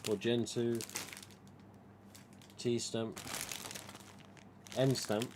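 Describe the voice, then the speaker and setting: A man's voice: mid-range voice, little pitch movement, drawn-out words, noisy background. A man with an English East Midlands accent hosting a casual live stream, rambling chattily through his topic. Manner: chatty, rambling, retells dialogue. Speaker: live stream host, mask collector.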